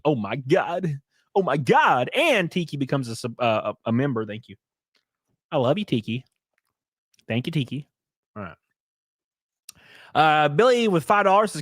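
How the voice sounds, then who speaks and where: A blunt, profane man hosts a casual livestream, rambling and reading out chat donations. His pitch moves around a lot, and the sound is dry and close with no room echo. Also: sing-song, moderate pace, long pauses. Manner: reads and answers chat donations. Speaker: livestream host.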